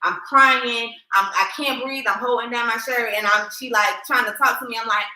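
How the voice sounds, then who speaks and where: A woman co-hosting a podcast, chatting casually and telling a personal story with emphatic, animated delivery. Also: a little high, normal speed. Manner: animated, emphatic, addresses listeners as y'all. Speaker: podcast co-host. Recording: echoey room.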